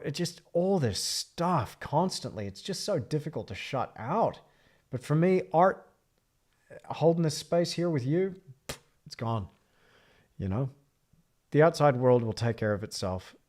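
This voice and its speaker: A man's voice: medium pitch, darkish tone. A man streaming live from his art studio, chatting in a reflective, rambling way while he paints. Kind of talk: casual livestream chat.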